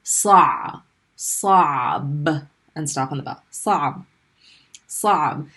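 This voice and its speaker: Woman teacher for a recorded online lesson, lowish voice, patient, stretches sounds out when modeling them. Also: a bit bright. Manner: patient, drawn-out modeling of sounds between brisk explanations. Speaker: Arabic language teacher.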